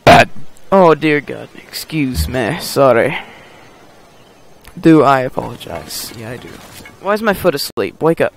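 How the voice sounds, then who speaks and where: A man's voice: medium pitch, big pitch swings, measured pace, a little hiss or hum. A man giving casual gameplay commentary, muttering and joking to himself as he plays. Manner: mutters and jokes to himself while playing. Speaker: gameplay host.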